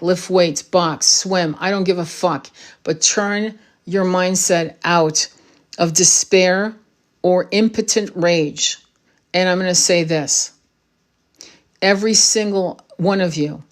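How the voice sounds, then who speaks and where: A woman's voice: lowish voice, slow pace. A woman giving an impassioned spiritual monologue to her audience, blunt and profane, with emphatic rhetorical asides. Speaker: spiritual channel host.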